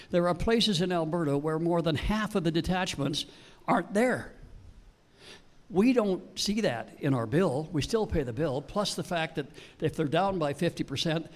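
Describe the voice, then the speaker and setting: A man speaking at a political town hall, giving an impassioned, emphatic speech. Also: fairly high pitch. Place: public meeting hall.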